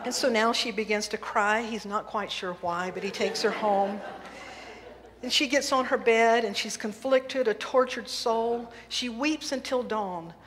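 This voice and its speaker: Brief: female minister, humorous sermon storytelling, higher pitch, faint room noise. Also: unhurried, fairly bright tone. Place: church sanctuary. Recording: reverberant hall, faint noise.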